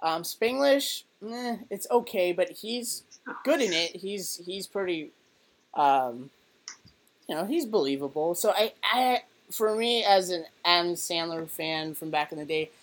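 A woman in her twenties co-hosting a podcast, chatting casually and telling an animated story full of fillers. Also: fairly low pitch, measured pace. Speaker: podcast co-host. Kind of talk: casual chat.

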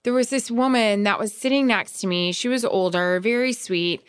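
Lively storytelling woman, dry close sound. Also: medium pitch, moderate pace, clean tone, no echo. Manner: animated storyteller acting out quoted voices. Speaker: podcast co-host. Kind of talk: casual chat.

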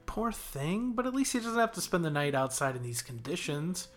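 A man reading aloud and voicing a lively young woman who works the front desk at an animal shelter, teasing and bright. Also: on the high side, moderate pace, soft background music, pitched above the performer's own voice.

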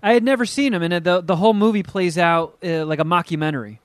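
A man with a fairly high, smooth, clear voice, recorded dry and close. He chats casually on a podcast, teasing his co-host with crude jokes and wandering through long anecdotes. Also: fast talker, no room sound.

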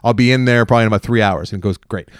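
A man's voice: lowish voice, racing, smooth, no room sound. A man hosting a podcast, telling a long and rambling story in casual chat. He often restarts his sentences and briefly acts out the other people in it. His voice sounds dry and close, with little room sound. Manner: rambling, animated retelling with many restarts. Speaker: podcast host.

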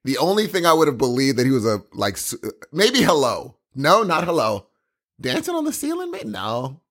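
A man co-hosting a podcast in casual, excitable chat, teasing and laughing a lot. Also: medium pitch, normal speed. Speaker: podcast co-host.

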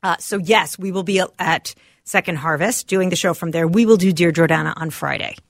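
A woman's voice: lowish voice, fairly quick, vocal fry, dry recording. A woman co-hosting a radio show, chatting casually in the studio and reading answers aloud from her phone.

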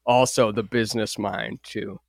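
A man's voice: lowish voice, fairly even intonation, unhurried, creaky, dry recording. Brief: podcast host, man, enthusiastic and laughing, dry close mic. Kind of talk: casual chat.

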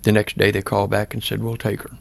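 Speaking quickly in a fairly low, creaky monotone, this older pastor shares a personal story during an interview. He's plain-spoken and earnest, voicing the dialogue he remembers.

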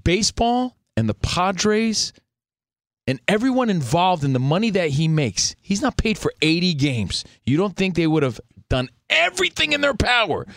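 A man co-hosting sports talk radio with a fairly high, lively voice. He sounds skeptical and emphatic and drives his argument at length. The studio recording is close and dry. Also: normal speed, no echo. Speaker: radio show co-host. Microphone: studio microphone.

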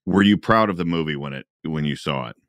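A man's voice: very deep voice, quick pace, a bit bright, no echo, clean studio sound. A man interviewing a guest, mostly giving brief reactions and short follow-up questions. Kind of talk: conversational interview.

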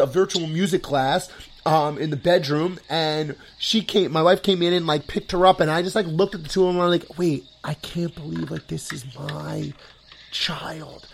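Male host, slightly high voice, casual gushing ramble, heavy on "like". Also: a little hiss or hum. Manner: rambling, filler-heavy, loads of "like"; excitable, gushing. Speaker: podcast host. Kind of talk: casual chat.

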